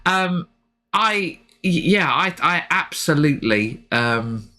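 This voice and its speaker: Woman, podcast co-host, excited rambling chat, bright tone. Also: sits low, takes it slowly. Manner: enthusiastic, rambling with many fillers. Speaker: podcast co-host and rugby photographer. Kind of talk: excited casual chat about rugby.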